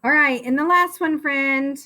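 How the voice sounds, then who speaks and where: A woman's voice: high-pitched, unhurried, pushed and bright. A woman teaching a phonics lesson to young children, encouraging and sounding out words syllable by syllable.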